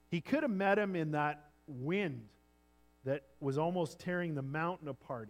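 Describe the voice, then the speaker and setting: Male pastor, sermon delivery, slightly high pitch, earnest, dynamic swings between soft and strong. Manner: earnest preaching, drops to near-whispers and swells louder for emphasis.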